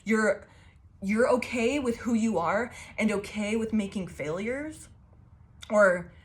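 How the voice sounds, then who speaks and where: A woman giving a casual tarot reading to her viewers, excitable and profane, rambling and restarting her sentences. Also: mid-range voice, slow. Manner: excitable and profane, laughing often. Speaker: tarot reader.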